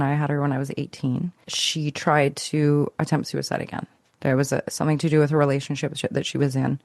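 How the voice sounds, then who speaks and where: A woman's voice: sits low, a little mellow, no room sound, clean studio sound. A woman, a podcast guest, telling a personal story in a reflective, searching way, often restarting and trailing off.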